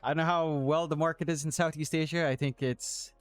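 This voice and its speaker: A man's voice: fairly high pitch, fairly even intonation, a little fast, smooth, faint music behind. A man co-hosting a podcast, chatting in an easygoing, musing way. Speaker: podcast co-host. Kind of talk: casual chat.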